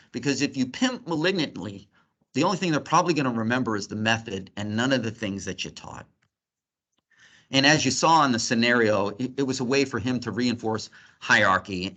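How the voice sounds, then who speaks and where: Middle-aged man lecturing with humor. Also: mid-range voice. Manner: lively, joking teaching tone. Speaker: physician lecturer. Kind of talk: grand rounds lecture.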